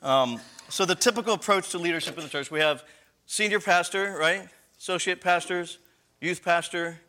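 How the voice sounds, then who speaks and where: A man with a high, bright voice gives a live conference talk. He lectures conversationally, poses rhetorical questions to the room and often corrects himself mid-sentence. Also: normal speed, a little hiss or hum. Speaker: conference speaker on church leadership.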